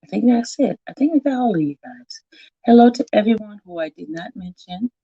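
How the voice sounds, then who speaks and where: A woman hosting a casual livestream, greeting viewers one by one by name and talking slowly. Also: medium pitch, lively intonation, dark tone, slightly rough, no echo, highs cut off. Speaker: livestream host. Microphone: computer or phone mic.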